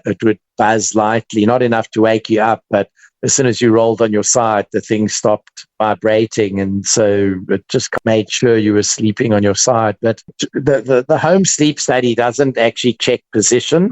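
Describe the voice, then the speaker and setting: A man with a South African accent, a dentist guest explaining treatment in relaxed, casual chat. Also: on the low side, no echo, low-quality recording. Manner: relaxed, explains with examples and restarts.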